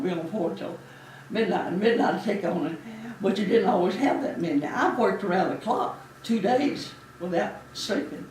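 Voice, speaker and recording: In an echoey room with a distant mic and a little hiss or hum, a woman in her eighties speaks in a mid-range voice. She's a former Navy nurse sharing her memories in an interview, a chatty, warm storyteller who laughs often.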